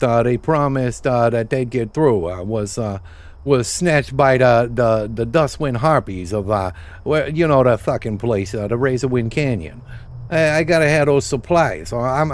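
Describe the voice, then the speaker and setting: Fretful goblin quest-giver, halting and rambling, read by a man. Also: medium pitch, expressive, lightly acted. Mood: put-upon.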